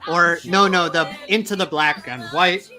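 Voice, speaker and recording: A man's voice: fairly high pitch, a little slow, faint music behind. A man, a cast member and co-writer, chatting casually and acting out things said in the past. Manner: animated, acts out past quotes. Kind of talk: casual group chat.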